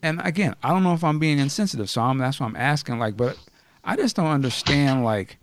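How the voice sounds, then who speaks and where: A man hosting a podcast in casual chat, blunt and animated, often laughing and asking questions. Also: a little high, fairly quick, slight background noise. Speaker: podcast host.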